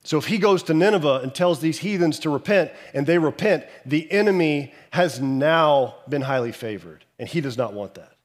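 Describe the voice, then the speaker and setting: Male pastor, slightly high voice, lively storytelling sermon that drops to quiet, low passages. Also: moderate pace, hardly any pauses. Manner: animated storytelling, acting out characters' lines.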